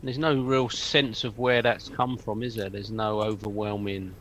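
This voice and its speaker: A man's voice: on the low side, little pitch movement, moderate pace, a bit bright, a little hiss or hum. A man playing a tabletop game, talking casually and hesitantly as he thinks aloud. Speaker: player.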